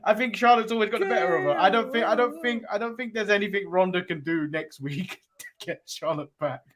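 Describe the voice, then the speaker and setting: A man's voice: high voice, a little fast, fairly bright tone. A man co-hosting a casual wrestling recap show, joking and laughing between his lines. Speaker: podcast co-host.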